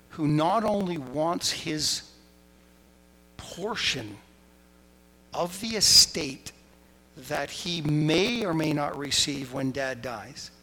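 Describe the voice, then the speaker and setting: A man preaching a sermon, telling the story with lively asides and acting out quoted voices. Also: fairly high pitch. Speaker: pastor. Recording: hall reverb, faint noise.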